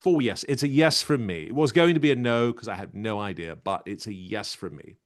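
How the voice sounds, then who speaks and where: A man's voice: fairly low pitch, expressive, fairly quick, dry recording, clean studio sound, natural voice. A man doing an impression of a blunt male English talent-show judge, drawing out clipped verdicts. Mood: judging.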